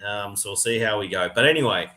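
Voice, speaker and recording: A man's voice: on the low side, quick pace, noisy background. A man hosting a casual sports podcast, chatty and matey as he gives his analysis. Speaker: podcast host.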